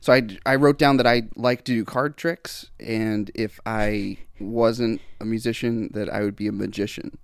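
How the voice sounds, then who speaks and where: A man's voice: on the low side, fairly even intonation, moderate pace, hardly any pauses, clear, resonant tone, no echo, clean studio sound. A young man, a guest singer-songwriter, telling a story in casual chat, rambling and restarting, often laughing. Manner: rambling, self-interrupting, laughs through stories.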